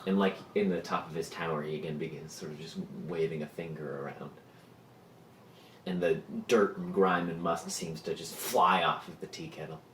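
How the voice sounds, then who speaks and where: A man's voice: deep voice, fairly even intonation, normal speed, fairly bright tone, reverberant, slight background noise, poor audio. A man narrating as the game master of a tabletop game, descriptive, with frequent fillers.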